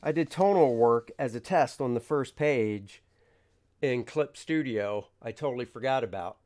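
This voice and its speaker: A man who draws comics rambles on a casual livestream, voicing his panels and reading questions from chat. He has a mid-range, slightly mellow voice and a measured pace.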